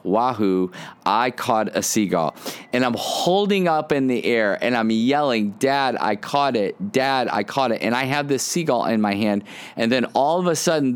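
A man hosting a devotional podcast, telling stories earnestly with frequent restarts and fillers. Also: mid-range voice. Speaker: podcast host and preacher.

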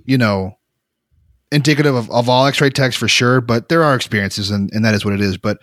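A man co-hosting a casual podcast, telling work stories with lots of energy, acting out quotes and laughing loudly. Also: medium pitch, fairly quick, no room sound, studio quality. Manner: animated storyteller, laughs loudly, acts out quotes. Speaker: podcast co-host, X-ray tech.

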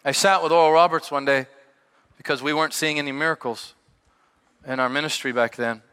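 A middle-aged male pastor preaching a sermon, telling stories with sudden shouted peaks and quieter asides. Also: fairly high pitch, a little fast, clear, resonant tone. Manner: animated storytelling with shouted peaks and dropped asides. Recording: long hall reverb.

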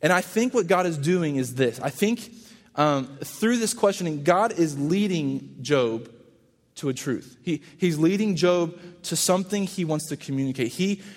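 A man pastor giving a casual, conversational sermon and acting out quoted lines in lively voices. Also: on the high side, moderate pace, big-room sound.

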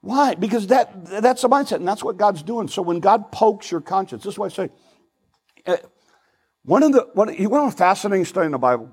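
An older man preaching a sermon as pastor, earnest and pleading, swinging between loud emphasis and hushed asides. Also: high voice, very animated, brisk, breathy edge, rough recording.

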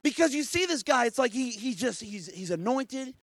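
A male pastor preaching a lively, conversational sermon who often checks in with the congregation. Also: extremely high pitch, normal speed, no room sound.

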